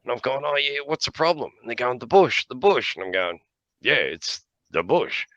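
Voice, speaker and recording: A man's voice: medium pitch, sing-song, normal speed, pushed and bright, no echo, muffled recording. An Australian man in casual chat, spinning tall tales with lots of laughter and the odd swear word. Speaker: podcast regular.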